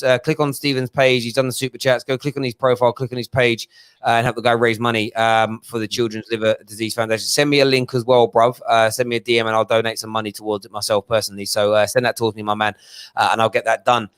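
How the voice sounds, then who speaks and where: A man hosting a football fan phone-in, reading viewer messages and launching into passionate rants that build toward shouting. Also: mid-range voice, clean tone. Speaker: phone-in show host. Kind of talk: casual fan phone-in chat.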